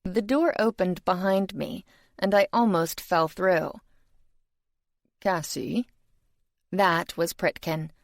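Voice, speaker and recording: A woman's voice: lowish voice, dry recording, clean studio sound. A woman narrating a first-person fantasy audiobook in a wry, exasperated tone.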